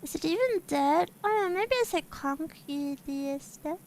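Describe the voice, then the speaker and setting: A woman's voice: very high-pitched, expressive, a little slow, a little mellow, low-quality recording. A woman streamer chatting casually with her viewers while playing a game, bubbly and giggly. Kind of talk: casual chat while gaming.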